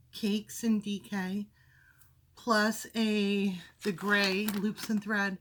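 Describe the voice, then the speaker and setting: Speaking very slowly in a level, mid-range voice, this woman hosts a crafting podcast at home and rambles through casual chat as she shows off her projects. She's chatty, keeps correcting herself, and gets briefly out of breath in her windowed craft room.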